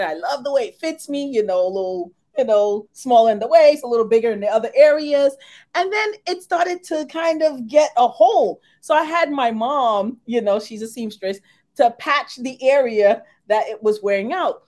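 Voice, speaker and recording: Woman cohost, pretty high voice, keeps saying yes and right, tells chatty little stories. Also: moderate pace, darkish tone. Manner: affirming, chatty storyteller with frequent "right" and "yes". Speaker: podcast co-host. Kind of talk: casual faith chat.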